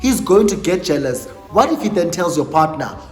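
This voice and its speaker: A South African man on his YouTube channel, telling a storytime tale in an animated, dramatic way and mixing English with Xhosa phrases. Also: on the high side, normal speed. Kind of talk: storytime vlog. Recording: echoey room with long reverb, faint music.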